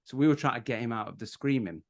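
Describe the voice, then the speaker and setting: A man's voice: mid-range voice, fast talker. A man, a podcast guest, chatting casually and acting out quotes as he tells stories about his family. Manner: animated storytelling with acted-out quotes. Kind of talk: casual chat.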